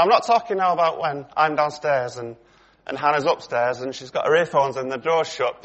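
A man's voice: fairly high pitch, a bit bright. A middle-aged man preaching a sermon in a conversational way, putting questions to his congregation.

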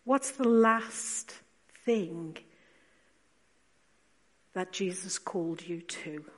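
A woman preacher giving a sermon, speaking slowly and with emphasis, asking rhetorical questions and dropping to quiet asides. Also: lowish voice. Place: church. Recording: long church reverb.

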